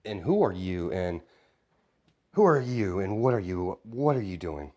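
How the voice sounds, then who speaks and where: A man's voice: low voice, sing-song, unhurried, dark tone, heavily acted. A man playing a stern, guarded vigilante who fires off demanding questions. The voice is close to the storyteller's own, only a touch firmer.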